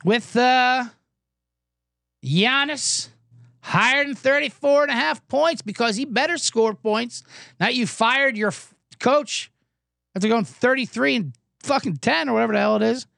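A hoarse man hosting a comedic sports betting podcast, ranting in a sarcastic, profane way. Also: extremely high pitch, unhurried, sharp tone, no echo, studio quality. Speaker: host.

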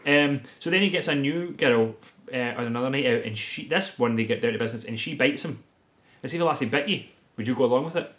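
A man's voice: mid-range voice, fast talker, a bit bright. Man recapping a film, laughing often. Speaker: podcast co-host. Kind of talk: casual chat.

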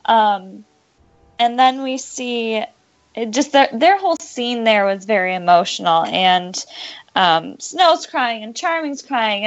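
A woman in casual podcast chat, gushing and emotional, with "um" fillers and soft laughs. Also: a little high, dull audio. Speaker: podcast co-host discussing a TV show.

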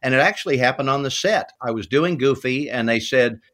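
A middle-aged man, a voice actor as an interview guest, telling relaxed, unhurried anecdotes about his work. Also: medium pitch. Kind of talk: interview storytelling.

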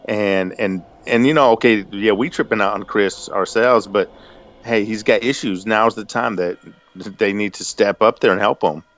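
A man's voice: fairly low pitch, moderate pace, fairly bright tone, muffled recording. A man hosting a casual chat, leading the talk and laughing often. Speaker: podcast host.

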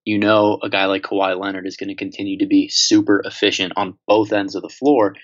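A man talks through basketball on a casual podcast. His delivery is steady and analytical. The recording sounds a little dull and lo-fi. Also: low voice, fairly quick. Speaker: podcast co-host. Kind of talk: casual sports podcast chat. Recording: slightly dull lo-fi audio.

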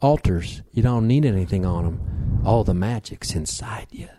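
A man retelling a story and briefly voicing a middle-aged southern woman witch, softly confident and matter-of-fact, a little higher than his usual voice. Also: expressive, brisk, noisy background, close to an everyday voice. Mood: calmly knowing.

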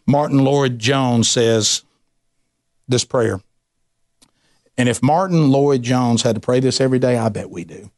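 A man preaching a sermon as a pastor, in an animated style with frequent restarts and rising emphasis. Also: mid-range voice, measured pace, long pauses.

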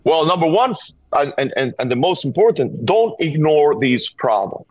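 This middle-aged man from Venezuela has a fairly high, sing-song voice at normal speed and a Venezuelan Spanish accent. Appearing as a gun violence activist guest on a call-in interview, he speaks earnestly and urgently, frequently repeating words to make his point. The recording is a dull, dry remote line.

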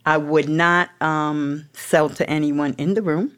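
A woman's voice: low-pitched, fairly even intonation, measured pace, fairly bright tone, clear, resonant tone. A middle-aged woman guest telling her recovery story in a blunt, profane, streetwise way, often laughing. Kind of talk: candid storytelling interview.

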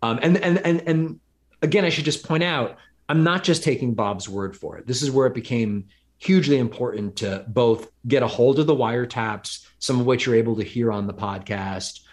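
A man's voice: medium pitch, normal speed. A middle-aged man telling a crime story as an interview guest, with lots of restarts and fillers along the way. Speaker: podcast guest, author of true crime reporting. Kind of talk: conversational interview. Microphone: podcast microphone.

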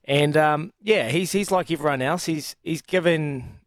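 A man's voice: fairly high pitch, unhurried, dry recording. A man from New Zealand with a New Zealand accent, a former rugby player chatting casually as a radio guest, enthusiastic and often restarting his sentences. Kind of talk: casual sports radio chat.

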